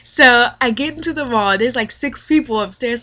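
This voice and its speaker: A young woman with a lively, slangy, profane storytelling manner, acting out quotes as she rants in a casual vlog. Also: on the high side, normal speed. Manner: animated storytelling, acts out quotes. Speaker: retail worker.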